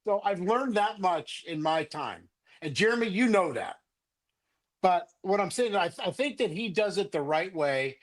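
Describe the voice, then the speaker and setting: Older man ranting, lively high voice. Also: moderate pace. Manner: profane, rambling and angry. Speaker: sports card collector guest. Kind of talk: heated livestream rant. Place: home, remote video call.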